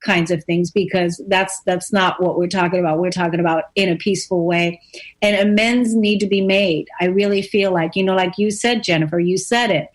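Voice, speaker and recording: A woman's voice: fairly low pitch, steady tone, moderate pace. A woman hosting a radio talk show, speaking earnestly in a loose, rambling way, with many fillers and repeated phrases. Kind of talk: casual conversation.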